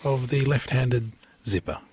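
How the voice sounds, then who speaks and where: A man's voice: mid-range voice, measured pace, darkish tone. A man hosting a radio comedy show with mock-formal introductions. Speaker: host.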